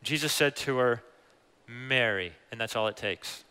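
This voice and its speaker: A man preaching a sermon with animated emphasis, often rising to exclamations. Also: mid-range voice, brisk, clean tone. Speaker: pastor. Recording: long hall reverb.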